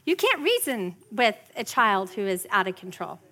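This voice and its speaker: A woman in her forties giving a lively parenting workshop to a room of parents, often mimicking her kids' whiny voices. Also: mid-range voice, moderate pace. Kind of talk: live parenting workshop talk. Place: workshop room with a live audience.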